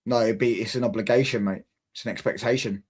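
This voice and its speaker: A man's voice: fairly low pitch, steady tone, fast talker, breathy edge. Exasperated man ranting about football. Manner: exasperated, repetitive, frequent rhetorical questions. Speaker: football reaction host. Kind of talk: casual reaction rant.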